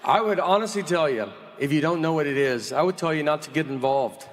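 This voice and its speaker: Man, deadpan stand-up drawl, slightly high voice, audible crowd noise. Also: brisk. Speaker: stand-up comedian. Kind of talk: stand-up comedy set. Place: live venue with audience. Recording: live audience noise.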